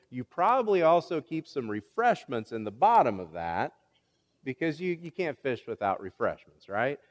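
A middle-aged man preaching a sermon to his congregation, asking them questions and reading scripture aloud. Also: medium pitch. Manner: animated, rhetorical questions to the congregation. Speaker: pastor. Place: church sanctuary. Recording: long reverb of a church hall.

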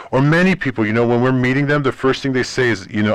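This man speaks in a mid-range voice that is clear and resonant, talking quickly with hardly any pauses in a dry recording. A native Persian speaker appearing as a ministry guest in an interview, he tells stories animatedly and acts out the voices he quotes.

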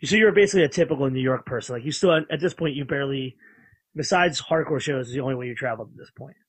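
A man's voice: medium pitch, rapid-fire, breathy edge, no room sound, low-quality recording. Dry-voiced male interviewer. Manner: probing, direct questions. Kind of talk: interview questions.

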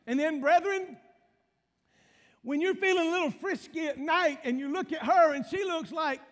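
A man's voice: very high-pitched, normal speed, a bit bright, long reverb tail. A male pastor preaching a humorous sermon, telling folksy stories and calling out to the congregation. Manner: folksy storytelling with call-outs to the congregation.

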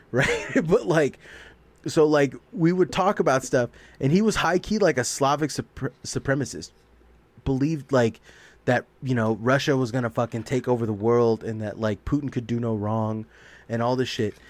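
A man's voice: mid-range voice, no echo. A man co-hosting a podcast, talking in a rambling, profane way and laughing often. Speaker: podcast co-host. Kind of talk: casual chat.

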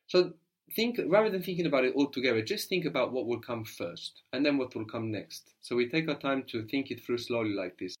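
Brief: male language tutor, patient, coaxing, mid-pitched, guiding a learner step by step. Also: lively intonation, fairly quick, breathy edge. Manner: patient, prompting, often asks "no?". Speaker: language teacher. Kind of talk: spoken language lesson.

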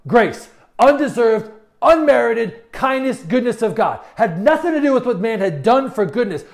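A man's voice: very high voice, big pitch swings, moderate pace, creaky. A man preaching a sermon with passion, often stammering and restarting his words. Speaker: pastor.

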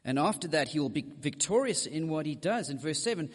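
A man's voice: on the high side, expressive, a little fast, big-room sound. A man preaching a sermon, speaking straight to his congregation with frank asides. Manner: direct, addresses the congregation with asides.

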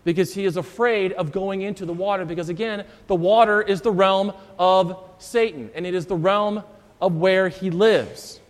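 A man's voice: high-pitched, normal speed. A man preaching a sermon as pastor, walking through scripture verse by verse and repeating key phrases. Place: church. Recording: long church reverb.

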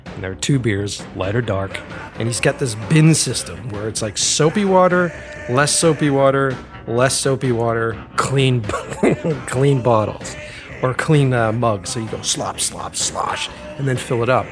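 A man casually telling a story in a chatty, animated way, laughing often and using many fillers. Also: medium pitch, unhurried, over music.

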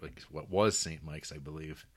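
A man's voice: a bass voice, moderate pace, a bit bright. A man hosting a podcast, chatting casually and rambling with a lot of stammered restarts. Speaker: podcast host. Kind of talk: casual chat, reading listener emails.

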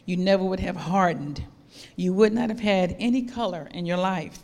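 A gentle old potter speaks in a calm, low, steady voice, as a woman preacher puts him on. The sound rings with a long hall reverb. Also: normal speed, natural voice. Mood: reassuring.

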